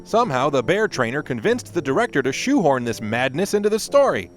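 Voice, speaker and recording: A man riffing sarcastically over a children's film, with deadpan wisecracks and mock voices. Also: fairly high pitch, brisk. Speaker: comedic riffer dubbing over a film. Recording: over background music.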